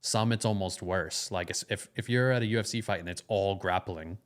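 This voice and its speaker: A man co-hosting a podcast in relaxed casual chat. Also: sits low, a little fast. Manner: relaxed, brief interjections. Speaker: podcast co-host.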